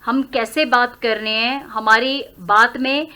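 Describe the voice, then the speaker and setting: A woman teaching a grammar lesson, explaining words one by one in a slow, deliberate way. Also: fairly high pitch, steady tone, pushed and bright, clean tone. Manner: slow, deliberate word-by-word explaining, switching into Hindi. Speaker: English teacher.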